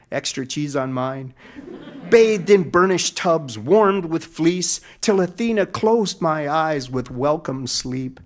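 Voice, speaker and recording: A middle-aged man telling a comic story in a grand, mock-epic manner. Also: a little high. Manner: mock-epic, dramatic delivery.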